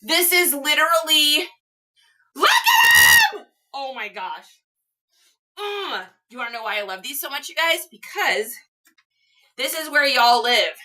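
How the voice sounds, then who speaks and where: High, excitable gushing woman. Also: unhurried. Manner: gushing and excitable, with gasps and laughs. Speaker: reseller livestream host. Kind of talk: casual livestream chat. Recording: distant from the mic.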